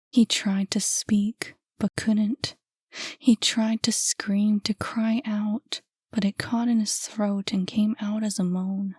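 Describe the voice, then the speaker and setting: A woman narrating an audiobook in a soft, hushed voice. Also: mid-range voice, flat delivery, slow, slightly rough, no room sound, clean studio sound. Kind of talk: scripted narration.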